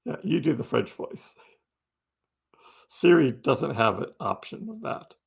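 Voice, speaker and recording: Gravelly man hosting a live crypto stream. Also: mid-range voice, very animated, unhurried. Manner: chatty, answers chat messages out loud. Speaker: crypto livestream host. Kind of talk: casual livestream chat with viewers.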